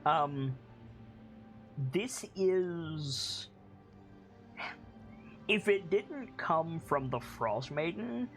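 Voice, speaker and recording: A man's voice: mid-range voice, fairly bright tone. A man narrating and running a tabletop game as game master, casual and hesitant with fillers.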